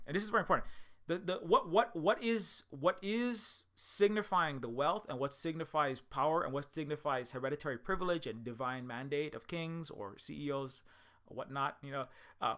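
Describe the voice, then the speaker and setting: Rambling man with a bright tone. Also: mid-range voice. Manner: tangential, restarts a lot, self-deprecating asides. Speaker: game developer and commentator. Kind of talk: rambling casual monologue.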